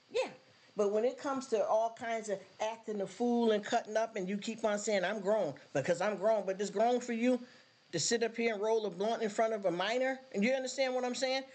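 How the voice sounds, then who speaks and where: A woman's voice: on the high side, a little mellow. Woman on a livestream just chatting, rambly and earnest, keeps asking if u get what she's saying. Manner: rambling, earnest, talks straight to viewers; emotional, near tears when thanking viewers. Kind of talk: casual livestream chat.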